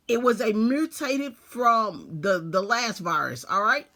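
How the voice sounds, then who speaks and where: Woman, unhurried storyteller who stops to comment; casual reading with preacher asides. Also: on the high side, animated, sharp tone. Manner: reads aloud slowly, breaking off to comment.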